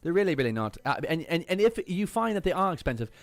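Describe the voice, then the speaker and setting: A man's voice: fairly high pitch, big pitch swings, fast, no echo, voice pushed up. A man putting on a sassy, vain persona who drawls and keeps calling people darling. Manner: drawling, teasing, says darling often.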